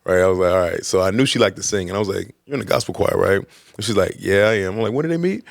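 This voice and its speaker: A man telling stories in a casual interview, animated, acting out quotes and saying "man" and "right?" often. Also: low voice, racing, creaky, dry recording, studio quality. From Columbus, Ohio, USA. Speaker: guest, former pro football player.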